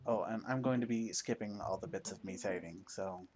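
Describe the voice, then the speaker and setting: A man's voice: deep voice, brisk, music in the background. A man commenting casually as he plays a video game, rambling and joking at his own expense. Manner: self-deprecating, joking, rambling. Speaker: let's play host.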